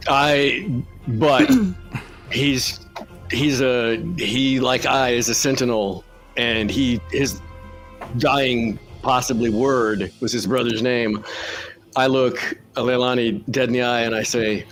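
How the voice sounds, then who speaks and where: A man playing a tabletop game, describing his character in a halting way while he searches for words. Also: mid-range voice, fairly even intonation, fairly bright tone, faint music behind. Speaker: player.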